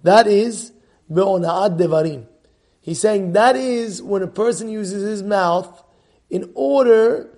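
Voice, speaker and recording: A man teaching a Torah class, animated, repeating and restarting words and mixing in Hebrew terms. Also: high voice.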